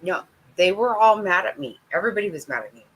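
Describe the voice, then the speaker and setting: A woman's voice: medium pitch, expressive, quick pace, a little hiss or hum, poor audio. A middle-aged woman talking bluntly and candidly with her viewers in a casual live-stream chat. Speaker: vlogger chatting with viewers.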